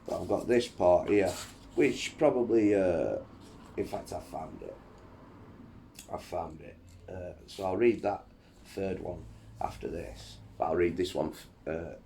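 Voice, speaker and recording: Deep-voiced man reading history aloud. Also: measured pace, vocal fry, mellow, a little hiss or hum. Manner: rambling, many fillers and restarts, chatty. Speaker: reader of a history book. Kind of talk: casual reading aloud with asides.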